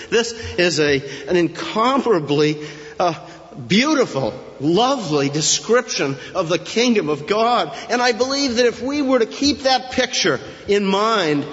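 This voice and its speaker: Man preaching a sermon in a reverberant hall. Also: on the high side. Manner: expository preaching with emphatic rises and asides. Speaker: pastor. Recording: muffled, lo-fi sound in a reverberant hall.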